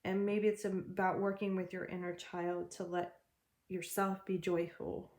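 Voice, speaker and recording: A woman's voice: lowish voice, flat delivery, measured pace, darkish tone. A woman giving a general tarot reading, talking in an encouraging, chatty way and laughing often. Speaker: tarot reader.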